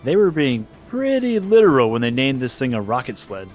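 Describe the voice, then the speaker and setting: A man's voice: medium pitch, sing-song, brisk, soft background music, lightly acted. Man reading a boy explorer, dry wry remark, storybook character.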